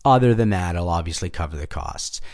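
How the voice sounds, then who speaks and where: A man's voice: deep voice, a little fast, vocal fry. A man telling personal stories in a loose, rambling monologue, full of fillers, asides and swearing. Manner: rambling, animated, many fillers and asides, profane. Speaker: storyteller. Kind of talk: casual storytelling monologue.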